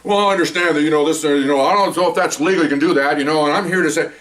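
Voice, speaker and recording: A man's voice: a little high, rapid-fire, a bit bright, distant mic, close to an everyday voice. An older man quoting a flustered, pushy male attorney who stammers his protests in a slightly raised voice.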